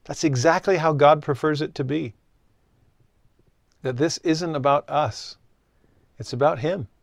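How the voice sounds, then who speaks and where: A man's voice: on the high side, measured pace, creaky, no room sound, clean studio sound. A man giving an earnest scripture lesson, explaining a point and acting out short exchanges with God. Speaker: religious teacher.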